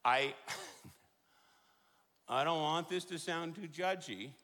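A middle-aged man preaching a sermon in a large church, joking and then driving points home with loud emphasis. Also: fairly high pitch, takes it slowly. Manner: animated, jokey preaching with sudden loud emphasis. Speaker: pastor. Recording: long hall reverb.

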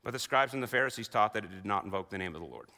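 A man preaching a sermon as a pastor, conversational and animated, acting out the voices of the people he quotes. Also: fairly low pitch, very fast. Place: church sanctuary. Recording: long reverb of a large hall.

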